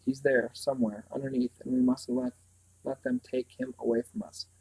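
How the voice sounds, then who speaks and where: A man's voice: medium pitch, flat delivery, normal speed, creaky, a little mellow, husky, low-quality recording. A man reading aloud, voicing a determined teenage boy who talks in a firm, blunt way. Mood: urgent.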